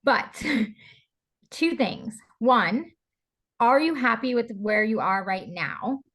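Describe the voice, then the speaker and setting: A woman's voice: fairly high pitch, animated, slow, fairly bright tone. A woman being interviewed on a podcast, talking openly and from the heart, with lots of "like" and "you know" along the way. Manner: open and heartfelt, with frequent fillers like "like" and "you know". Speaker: podcast guest, stylist and breathwork coach. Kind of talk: candid conversational interview.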